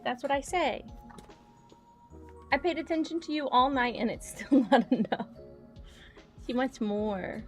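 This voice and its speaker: A young woman chatting casually on a livestream, soft-spoken and quick to laugh as she talks to her cats and her chat. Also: sits high, faint music behind.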